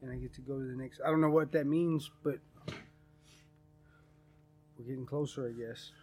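A man's voice: mid-range voice, fairly even intonation, moderate pace, a little mellow, soft background music. A man co-hosting a podcast in casual chat, laid-back and swearing freely as he tells stories. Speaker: podcast co-host.

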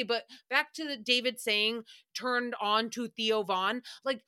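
A woman's voice: fairly high pitch, pushed and bright. A young woman hosting a podcast recap, talking in a rambling, profane, exasperated way. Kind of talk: casual solo recap chat.

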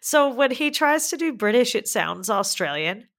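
A woman's voice: a little high, very animated, normal speed, fairly bright tone. A woman co-hosting a casual movie review chat, talking loosely and filling her sentences with "like". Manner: chatty, peppered with "like". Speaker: podcast co-host.

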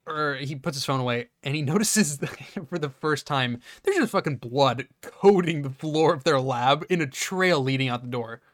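A man co-hosting a comedy podcast who recaps a movie in casual, rambling chat and slips into quick quoted voices for its characters. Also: fairly high pitch, fairly bright tone, no room sound, clean studio sound. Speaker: podcast co-host.

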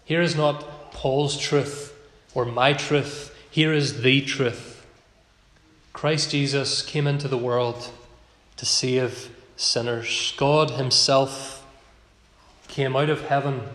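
Earnest preacher man in an echoey hall. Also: on the high side. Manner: earnest, slows down to stress key phrases. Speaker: pastor. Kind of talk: sermon. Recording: echoey hall with long reverb.

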